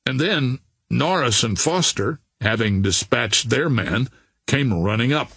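A man narrating an audiobook in a measured, expressive storytelling manner, close to the mic. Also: mid-range voice, creaky, slightly rough, dry recording.

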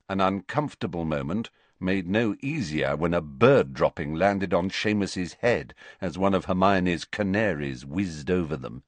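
A man reading a novel aloud as narrator, in expressive, measured storytelling. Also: deep voice, no room sound. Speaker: audiobook narrator. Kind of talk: scripted narration.

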